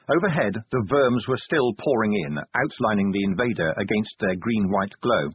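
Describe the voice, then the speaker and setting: A man narrating a novel as an audiobook reader, in measured storytelling. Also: breathy edge, no room sound. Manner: measured storytelling with lively pitch. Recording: phone-like lo-fi audio.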